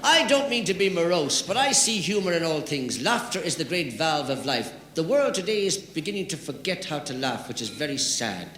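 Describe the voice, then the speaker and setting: Jovial comedian in an echoey hall. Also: male voice, on the high side, sing-song, moderate pace, few pauses, bright, forceful tone, slight background noise. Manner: jovial storyteller, leans into punchlines. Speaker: stand-up comedian. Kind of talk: live stand-up comedy routine. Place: large hall with audience. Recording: live hall with echo and long reverb.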